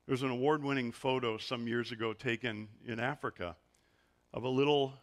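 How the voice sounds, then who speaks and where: A man's voice: medium pitch, fairly even intonation, a little fast. A middle-aged man preaching a sermon as a pastor, telling stories with animation and acting out the voices he quotes. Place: church sanctuary.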